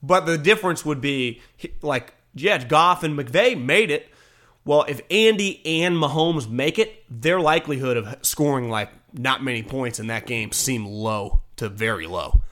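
A man talking casually about football, animated, swearing now and then and acting out quotes. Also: mid-range voice, a little slow. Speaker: sports talk show host. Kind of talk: casual sports chat.

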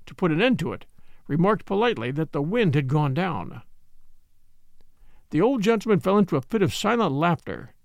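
A man narrating a classic story in an expressive reading, voicing the characters. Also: on the high side, vocal fry, no echo, clean studio sound. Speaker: audiobook narrator.

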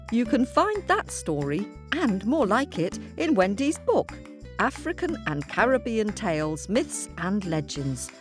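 Woman host of a children's podcast, chatty, playful, lowish voice, music under her. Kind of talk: friendly outro chat to young listeners.

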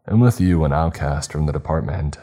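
A man reading a calm, suave supervisor. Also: extremely low pitch, a little fast. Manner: smooth and calm. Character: calm, suave older male department supervisor.

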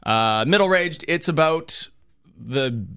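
A man's voice: fairly high pitch, lively intonation, slow, fairly bright tone, smooth, dry recording. Upbeat man hosting radio, dry sound. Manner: upbeat, chuckling patter. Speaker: radio host. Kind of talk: radio talk show hosting. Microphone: studio microphone.

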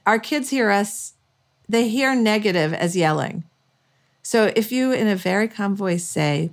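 A woman co-hosts a parenting podcast with a mid-range voice. She asks her guest questions in a chatty style and thinks out loud as she goes. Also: mid-range voice, lively intonation, a little slow. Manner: chatty, thinks aloud while asking questions. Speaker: podcast co-host. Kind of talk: casual podcast interview.

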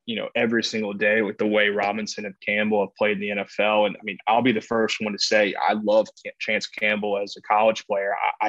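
A man's voice: on the low side, a bit bright, no room sound, dull audio. A man co-hosting a casual sports podcast, rambling and restarting often, laughing easily. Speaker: podcast co-host, former player.

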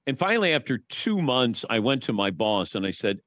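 A man's voice: medium pitch, a little fast, hardly any pauses, dry recording. A man telling stories as a guest in a casual podcast chat, swearing casually now and then. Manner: storytelling, lively, swears casually.

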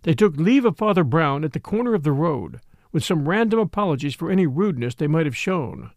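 A man narrating a mystery story aloud in an expressive storytelling style. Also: a little high, fairly quick, no echo, studio quality. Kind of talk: scripted audiobook narration.

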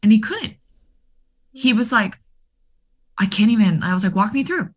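A woman coach telling a story in conversation, animated and full of fillers, acting out the dialogue she quotes. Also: mid-range voice, a little slow. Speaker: guest, mental performance coach for baseball players.

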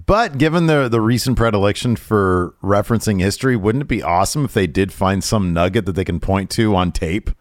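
A man with a low voice chats in a laid-back way, using loose slang as a podcast co-host. The recording is dry and close to the mic. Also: fairly quick, hardly any pauses, no echo. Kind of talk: casual chat.

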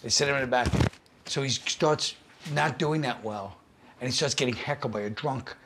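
A man chatting casually as a comedian guest, telling stories with lively acted-out voices. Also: mid-range voice, moderate pace, background noise. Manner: animated storyteller who acts out the people in his stories. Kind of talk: casual chat, storytelling.

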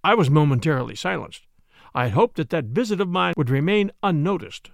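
A man reads a mystery novel aloud with a measured, grave delivery. His fairly high voice moves with lively intonation and a gravelly texture, recorded close and dry. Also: dry recording. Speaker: narrator.

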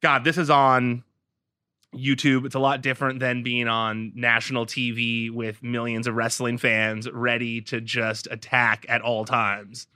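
A man's voice: mid-range voice, level tone, measured pace, bright, forceful tone, smooth. A man hosting a podcast, chatting casually and with sympathy while he interviews a guest. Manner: empathetic, chatty.

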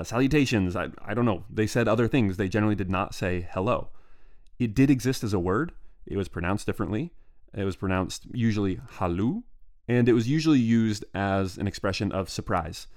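A man's voice: lowish voice, brisk, darkish tone. A man hosting a podcast, telling history in a loose, digressive, stream-of-consciousness way. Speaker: podcast host. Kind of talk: casual solo history narration.

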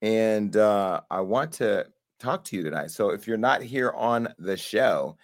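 A man hosting a call-in talk show, joking and animated as he chats and laughs often. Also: lowish voice, a little slow. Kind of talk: casual chat.

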